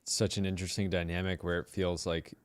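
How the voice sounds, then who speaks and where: A man's voice: sits low, little pitch movement, fairly quick. A man co-hosting a podcast, joking around in casual banter. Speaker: podcast co-host.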